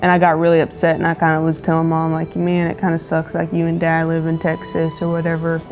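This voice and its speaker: A young woman speaks softly in a low, flat voice, hesitating and filling pauses with "like". She tells her story in a casual, personal way. Faint music plays underneath. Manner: soft, hesitant, many "like" fillers. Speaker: wife co-host of couple's channel.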